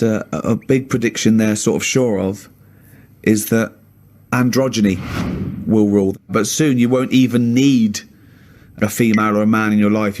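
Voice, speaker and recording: A man's voice: lowish voice, darkish tone. A man hosting a radio chat show, telling a story and teasingly probing his co-hosts with questions.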